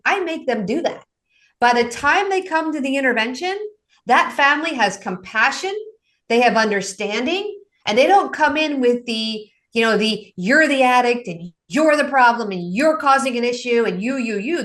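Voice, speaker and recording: A woman's voice: fairly high pitch, normal speed. Woman coach telling vivid client stories. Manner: acts out clients' voices with lively, dramatic shifts. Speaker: addiction coach guest. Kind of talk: animated storytelling in a podcast interview.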